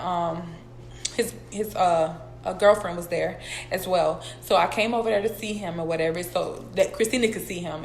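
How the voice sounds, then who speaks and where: A young woman, telling a personal story in a casual vlog, blunt, profane and animated as she talks straight to her viewers. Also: medium pitch. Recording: echoey room with faint background noise.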